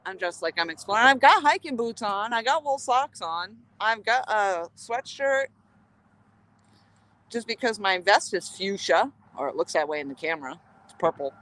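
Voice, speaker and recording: A woman from New England chats through a casual fishing vlog in a bright, crisp voice. She talks playfully and laughs easily, speaking outdoors by a river. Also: medium pitch, sing-song, normal speed, no echo. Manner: playful, chatty, laughs often. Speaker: vlogger.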